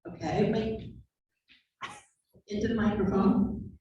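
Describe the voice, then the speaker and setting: A woman's voice: medium pitch, fairly even intonation, slow pace, dull audio, slight background noise. Moderator woman in an echoey hall. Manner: warm, calls herself a crier. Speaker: panel moderator. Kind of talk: hosting a panel. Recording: very echoey hall, distant mic.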